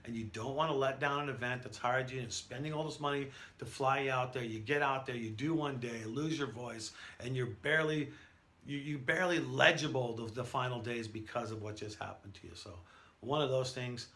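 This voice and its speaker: A man who works as a professional event announcer, giving an energetic, conversational lesson with stories from his career. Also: mid-range voice, fairly quick. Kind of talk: instructional talk to camera.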